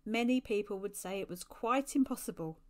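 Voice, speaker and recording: A gentle, wise male angel who guides travellers, talking brightly and earnestly in a lifted voice, as a woman reading a storybook puts him on. He keeps his tone warm-hearted and sure. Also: mid-range voice, brisk, natural voice.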